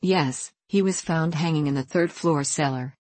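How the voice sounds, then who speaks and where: A stout older mother bursts in breathless and alarmed, crying out her bad news, as a woman voices her. The tone stays low, and the recording is close and dry. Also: normal speed, a little mellow, dry recording.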